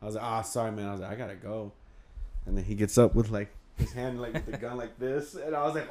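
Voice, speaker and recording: A young man with a twang tells a long story among friends. He rambles, swears freely and acts out the lines of everyone involved, at a middling pitch. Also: fairly even intonation, quick pace. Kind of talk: casual storytelling chat.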